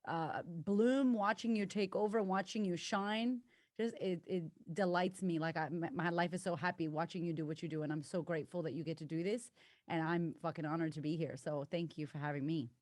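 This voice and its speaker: An American woman who coaches women on confidence, talking as a podcast guest, effusive, swearing, with bursts of excitement. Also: lowish voice, fairly quick, dry recording, clean studio sound. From United States. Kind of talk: casual podcast interview.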